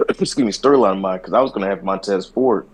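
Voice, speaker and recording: Husky, low man chiming in on a podcast. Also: a little fast. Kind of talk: casual wrestling chat.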